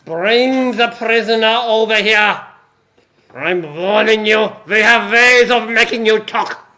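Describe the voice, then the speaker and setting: Guy doing a shouty german commandant voice, mean and bossy, bright edge. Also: high-pitched, animated, slow, pitched above the performer's own voice, heavily acted. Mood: menacing. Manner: shouting in a mock German accent. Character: barking German prison camp commandant, male, middle-aged, furious.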